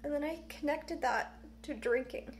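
A young woman talking in a halting, emotional way in a personal vlog, her voice close to tears. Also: high-pitched, slight background noise. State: tearful. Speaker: vlogger.

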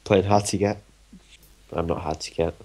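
Deadpan young man, low voice. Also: moderate pace. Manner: dry, teasing and deadpan. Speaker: gamer co-host. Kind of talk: casual gaming commentary.

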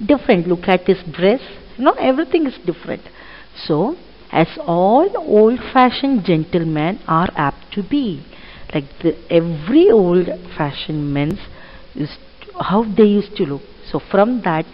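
Slow-talking woman teacher. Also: medium pitch. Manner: explains slowly and asks children questions. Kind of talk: classroom reading lesson. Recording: muffled audio with long reverb.

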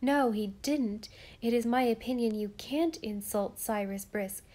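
A woman's voice: a little high, measured pace, dark tone, natural voice. A woman reading an audiobook, voicing a sensible, earnest young girl. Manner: earnest, sometimes indignant.

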